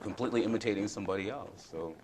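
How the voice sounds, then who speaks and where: A man's voice: on the low side, racing, a little mellow, slight background noise, low-quality recording. A man hosting a wellness talk show, speaking earnestly and telling reflective stories. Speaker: show host, fitness expert. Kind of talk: casual conversational talk.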